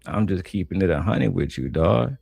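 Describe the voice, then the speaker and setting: A man's voice: low-pitched, lively intonation, moderate pace, gravelly, a little mellow, husky, dry recording, faint music behind. A man from Detroit doing blunt, profane, slang-heavy reaction commentary. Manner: blunt, trash-talking, slangy. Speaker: commentator reacting to a panel clip.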